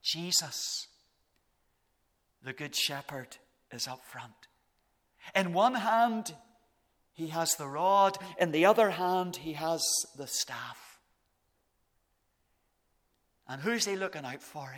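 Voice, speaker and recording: Pastor guy preaching slow, kinda high voice, goes all hushed sometimes, big echoey church hall. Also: animated. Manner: slow, deliberate preaching that sinks to soft, hushed phrases. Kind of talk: sermon. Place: church service. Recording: long reverb of a large hall.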